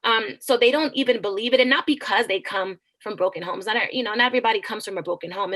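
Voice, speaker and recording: A woman teacher and author talking earnestly in an interview, animated and preachy, often restarting her words. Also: mid-range voice. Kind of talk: conversational interview.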